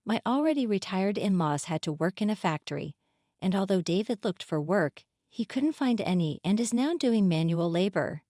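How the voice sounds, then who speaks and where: A woman telling a scripted first-person story in a calm, steady manner. Her pitch moves up and down a lot, and the sound is close and dry. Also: normal speed, dry recording. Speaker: narrator.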